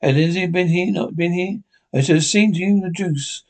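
A man's voice: high voice, moderate pace. A man doing a blustering, pompous squire. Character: eager, pompous male country squire.

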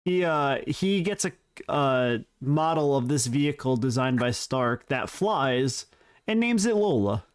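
A man's voice: mid-range voice, animated, a little slow, clear, resonant tone. A man co-hosting a podcast, reading prepared facts in casual, joking banter with his co-host. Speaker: podcast co-host presenting trivia.

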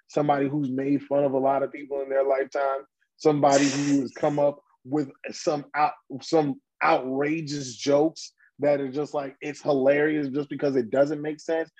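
Husky, higher-voiced man ranting bluntly. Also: darkish tone, rough recording. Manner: heated, blunt ranting with slang and repeated restarts. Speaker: podcast host. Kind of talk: casual podcast chat.

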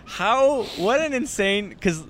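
A man's voice: high voice, lively intonation, takes it slowly, a bit bright, slight background noise. A man co-hosting a comedy podcast, chatting casually and telling stories with lots of laughter, recorded outdoors. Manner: laughing, rambling storyteller. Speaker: podcast co-host and stand-up comedian. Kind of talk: casual banter. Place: outdoors in a park.

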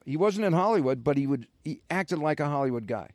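A man's voice: fairly high pitch, expressive, fast talker, a little mellow, no echo. An older man and former radio host, telling rambling stories in casual podcast chat with many fillers.

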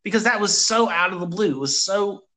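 Man, rambling storyteller, bright tone, slightly high voice. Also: animated, fairly quick, poor audio. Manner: rambling, many restarts, acts out quotes. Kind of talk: casual chat, storytelling.

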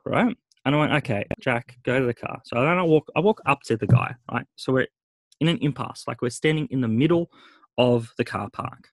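A man's voice: fairly high pitch, normal speed, dry recording. A middle-aged man tells a story on a podcast in casual chat. He acts out each person's lines and swears freely. The sound is dry and close to the mic. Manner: animated retelling, swearing, acting out quoted voices. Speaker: podcast co-host.

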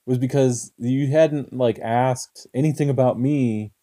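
A young man talks with a deep, dark, mellow tone, his delivery loose and laid-back. He tells his story casually and drops curse words freely along the way. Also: fairly even intonation, measured pace.

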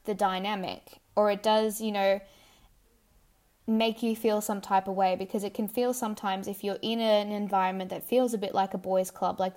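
A young Australian woman hosting a podcast, talking thoughtfully and rambling a little with fillers. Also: medium pitch. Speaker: podcast host. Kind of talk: casual podcast chat.

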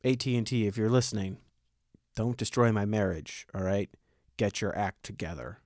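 A man's voice: on the low side, normal speed, darkish tone, no room sound, studio quality. A man in his thirties doing a stand-up comedy set, rambling and self-deprecating in a conversational way.

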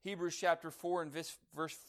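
A man preaching a sermon, building to loud emphatic declarations and dropping soft on key phrases. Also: on the high side, fairly even intonation, normal speed.

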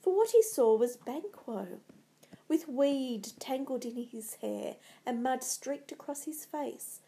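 A woman narrating a storybook in a dramatic, measured way. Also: sits high, animated, dark tone, slight background noise.

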